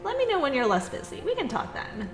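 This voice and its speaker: A woman voicing a bold, sharp-tongued young heroine, earnest and teasing. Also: high voice, wildly swooping pitch, fast talker, voice pushed up. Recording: echoey room with music.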